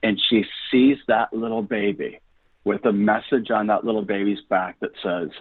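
A man's voice: on the low side, steady tone, normal speed, breathy edge, no room sound. Earnest man on a tinny phone line. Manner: earnest, preachy, encouraging. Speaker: guest, ministry founder. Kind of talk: enthusiastic radio interview talk. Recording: dry phone-line audio.

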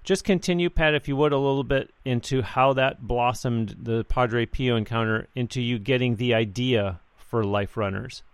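A man's voice: mid-range voice, fairly even intonation, moderate pace, hardly any pauses, smooth, no echo. A man hosting a radio talk show, speaking with heartfelt emotion and addressing the audience. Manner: warm-hearted, easily moved.

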